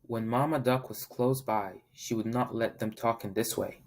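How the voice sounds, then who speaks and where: A man reading a children's picture book aloud as a volunteer, in a friendly, steady manner. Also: mid-range voice, moderate pace. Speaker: volunteer storybook reader.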